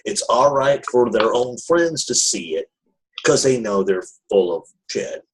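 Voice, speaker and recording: A man's voice: medium pitch, expressive, measured pace, slight background noise, low-quality recording. A man co-hosting a casual podcast, making blunt, dry remarks. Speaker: podcast co-host. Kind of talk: casual chat.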